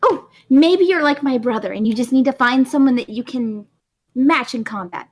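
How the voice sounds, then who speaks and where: A flirtatious snake-bodied woman, as a woman puts her on at a tabletop game. Her slightly high voice stays playful and teasing as she nudges a shy friend toward romance. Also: moderate pace.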